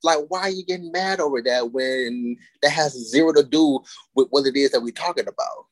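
A woman co-hosting a casual podcast, telling stories loosely with frequent laughter and drawn-out emphasis on key words. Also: very deep voice, dry recording. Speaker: podcast co-host.

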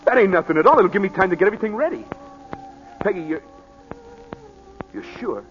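An actor playing a shy, loyal young boxer, plain-spoken, in 1940s radio acting style. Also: male voice, high voice, lively intonation, a little fast, soft background music. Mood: tender. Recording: muffled old radio recording.

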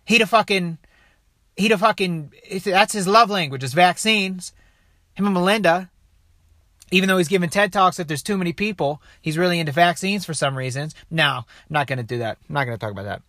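A man giving loose, profane commentary on a video clip, animated and peppering his talk with "dude" and "okay.". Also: high-pitched, a little fast, no echo, clean studio sound.

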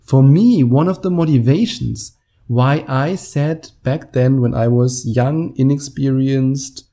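A man's voice: medium pitch, slow pace, mellow. A man in his late twenties with a German accent, telling a story in a casual monologue and laughing often as he acts out the quotes. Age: 20s. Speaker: podcast host.

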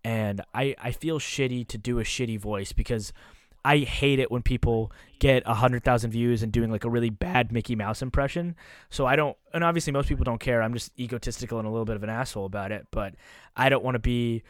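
A man's voice: mid-range voice, fairly quick, no room sound. A man talking loosely and candidly as a podcast guest, swearing now and then. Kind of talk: casual podcast chat.

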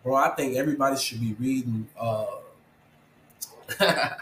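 In an interview, a man who founded a program speaks earnestly about faith and perseverance, urging listeners directly in a preachy but casual way and calling them "bro." His medium-pitched, slightly bright voice moves at a moderate pace in a reverberant, rough recording with a little hiss or hum.

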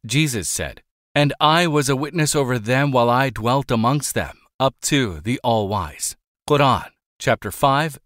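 A man's voice: medium pitch, a bit bright, no echo. Man reading religious text aloud, dry. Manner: measured, formal recitation with reverent drops on honorifics. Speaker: audiobook reader.

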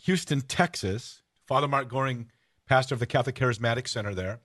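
A man hosting a radio-style podcast, telling stories in a casual, animated way. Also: mid-range voice, brisk. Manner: storytelling, animated, shouts out rallying cries. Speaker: podcast host. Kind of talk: casual radio-show chat.

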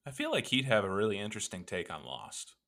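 A man's voice: lowish voice, huge pitch swings, fast talker, fairly bright tone. A man co-hosting a podcast in casual chat, rambling and joking with many fillers. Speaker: podcast co-host.

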